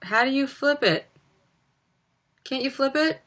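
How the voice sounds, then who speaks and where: A woman's voice: high voice, animated, a little slow, a bit bright. A young woman chatting casually on a livestream, reading viewer comments aloud with plenty of ums. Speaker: livestreaming singer.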